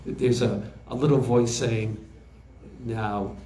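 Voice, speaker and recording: Older man, halting storyteller, roomy echo. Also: medium pitch, darkish tone, a little hiss or hum. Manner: halting, frequent fillers and restarts. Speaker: recording engineer. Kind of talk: interview storytelling. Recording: roomy echo with faint background ambience.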